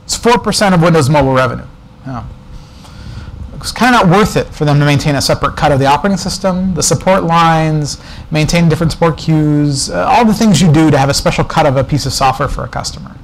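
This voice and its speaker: A man's voice: a little high, expressive, fast talker, slight background noise, rough recording. A man speaking as a guest speaker at a developer meetup, telling a casual, digressive story with asides and jokes. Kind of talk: conference talk, anecdotal storytelling. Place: presentation room before an audience.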